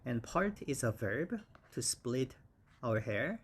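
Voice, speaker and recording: Very slow-paced male English teacher. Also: mid-range voice, very animated, husky. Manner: slow, repeats each word several times. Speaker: English instructor. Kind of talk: vocabulary lesson.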